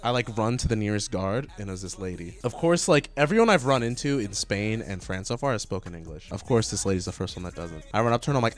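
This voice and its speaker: A young man casually telling a profane personal story, growing loud and animated as he recounts the panic. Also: on the low side, racing, hardly any pauses, soft background music.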